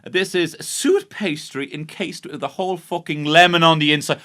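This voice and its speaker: In a podcast studio, an Irish man hosts a show where he recaps a baking program through a sarcastic, sweary monologue full of mock outrage. His voice sits on the high side and sounds a bit bright, and he speaks at a moderate pace.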